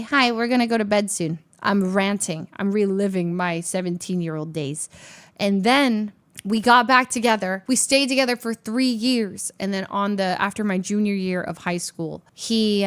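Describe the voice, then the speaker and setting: A young adult woman, a streamer, telling a personal story in an animated, chatty way, full of fillers. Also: a little high. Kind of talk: casual storytelling.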